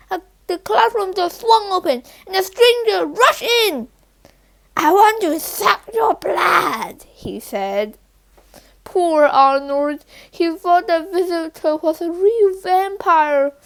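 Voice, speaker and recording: A woman reads a children's picture book aloud, stumbling and restarting now and then. Her voice is very high, and she takes the text slowly and carefully. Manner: halting, with slips and restarts. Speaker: reader.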